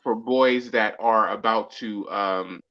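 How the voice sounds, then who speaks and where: A man's voice: fairly low pitch, steady tone, takes it slowly. A man in casual chat, adding short reactions and telling stories from his own past, with some hesitations. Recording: dull lo-fi sound.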